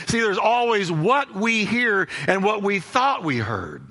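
High, lively pastor preaching in a reverberant hall. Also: male voice, unhurried, hardly any pauses. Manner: emphatic preaching with repeated phrases and acted-out dialogue. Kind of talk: sermon.

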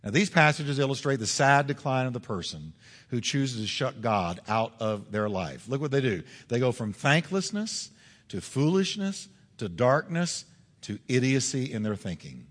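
A man's voice: medium pitch, animated, normal speed, a bit bright, in a large hall. A male pastor preaching a sermon in a church, emphatic and full of rhetorical questions. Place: church sanctuary.

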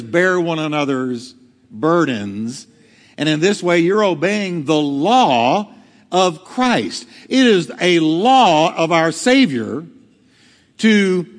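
A man's voice: a little high, long reverb tail. A male pastor preaching a sermon, acting out quotes with dramatic swings in delivery. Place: church hall.

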